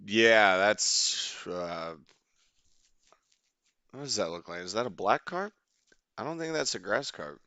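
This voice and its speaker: A young man casually commentating his game as a streamer, rambling, excitable and swearing freely. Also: lowish voice, slow pace, pauses often, no echo.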